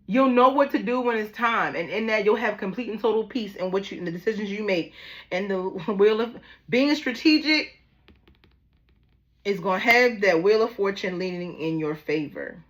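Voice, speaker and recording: A woman's voice: mid-range voice, normal speed. A woman from Baltimore with a Baltimore accent, giving a casual, chatty tarot reading straight to her viewers in a familiar, easygoing way. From Baltimore, USA. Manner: chatty and familiar, calls listeners "y'all" and "baby". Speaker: tarot reader.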